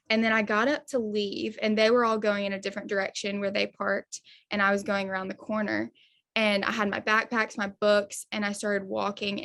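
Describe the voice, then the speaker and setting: Even-toned young woman recounting. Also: mid-range voice, vocal fry. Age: 20s. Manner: earnest, retelling events step by step. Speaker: guest. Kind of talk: podcast interview storytelling.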